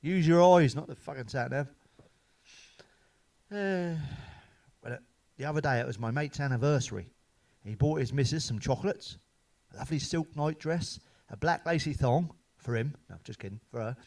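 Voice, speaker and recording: A man's voice: mid-range voice, normal speed, vocal fry, a little mellow. A middle-aged man, telling coarse, swearing jokes in a casual stand-up monologue. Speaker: stand-up comedian. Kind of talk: joke-telling monologue to camera.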